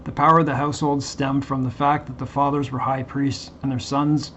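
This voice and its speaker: A man reading passages aloud and commenting on them, halting often with fillers and restarts. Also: medium pitch, little pitch movement, fairly bright tone. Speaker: Bible commentary vlogger. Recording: dull lo-fi recording with faint background hiss.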